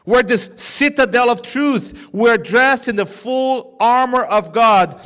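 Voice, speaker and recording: A man preaching a sermon, voicing a smug male churchgoer who brags loudly about his church. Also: extremely high pitch, slow pace, voice pushed up, full character voice. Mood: boastful. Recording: long reverb of a church hall.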